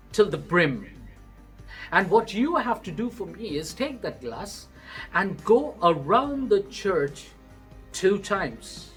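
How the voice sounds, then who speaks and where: A man with an Indian English accent voicing a calm, patient pastor who gives gentle instructions. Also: high voice.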